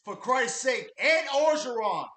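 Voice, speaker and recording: Man hosting a live fan stream: fiery, profane ranter with a high, bright voice, in an echoey room. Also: sing-song, unhurried. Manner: profane, heated ranting; reads chat messages aloud. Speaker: livestream host and football fan. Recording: roomy echo.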